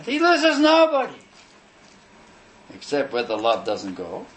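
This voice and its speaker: A man preaching a sermon, emphatic and declamatory, repeating phrases for stress and pausing between them. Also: on the high side, low-quality recording. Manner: measured, declamatory delivery with pauses between phrases.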